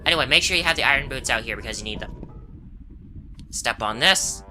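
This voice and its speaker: A woman commentates on a game casually and ramblingly, her rumbling low voice animated, a little fast, pushed and bright. She's chatty, full of asides and fillers, often saying "uh" and "anyway," with game music playing behind her.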